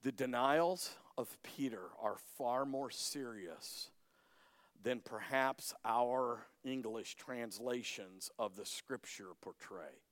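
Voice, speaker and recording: A male pastor preaching a sermon dramatically, swinging between loud emphasis and hushed lines. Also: medium pitch, slow. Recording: echoey hall.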